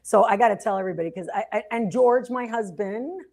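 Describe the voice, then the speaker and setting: A woman's voice: on the high side, fast, darkish tone. A woman in her sixties hosting a webinar over a video call, effusive and dramatic, talking at length. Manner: dramatic and effusive, talks a lot. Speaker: host, cruise sales leader. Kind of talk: webinar chat.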